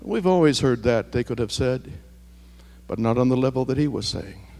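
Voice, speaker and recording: A male pastor preaching a sermon, dropping to near whispers and building to shouted, repeated refrains. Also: mid-range voice, animated, normal speed, creaky, big-room sound. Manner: swings from hushed to shouted, repetitive preaching cadence.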